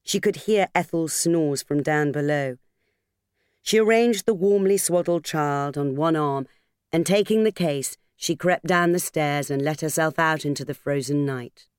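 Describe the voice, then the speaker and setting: Woman narrating an audiobook, smooth and dry. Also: sits low, no echo. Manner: measured, expressive reading. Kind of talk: scripted narration. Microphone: studio microphone.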